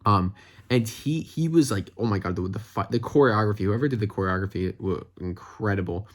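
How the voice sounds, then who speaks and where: A man reviewing a TV episode in a casual vlog, excitable and rambling, with lots of "like" fillers. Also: lowish voice, moderate pace. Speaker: fan reviewer.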